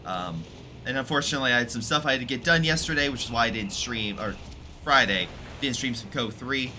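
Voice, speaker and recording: Still recovering from illness, this man chats his way through a strategy game replay, rambling, filling pauses and correcting himself a lot. His mid-range voice is a little fast with a sharp tone, over slight background noise.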